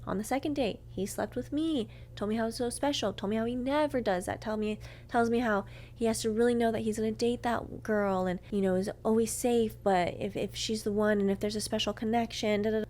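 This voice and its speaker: A woman podcast host telling a candid personal story, swearing freely and swinging from quiet murmurs to loud outbursts as she acts out her own reactions. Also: a little high, steady tone, fairly quick.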